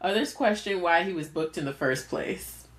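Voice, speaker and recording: Animated woman podcast co-host, laughing. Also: on the low side, normal speed, a crowd in the background. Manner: animated, laughs often, storytelling. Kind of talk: casual podcast chat.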